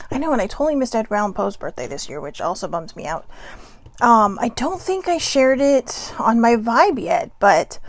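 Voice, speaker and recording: A woman's voice: fairly high pitch, creaky, no echo. A tired woman hosting her daily live video show from home on a personal mic, rambling chattily with lots of filler words and self-deprecating asides. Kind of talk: casual rambling morning chat.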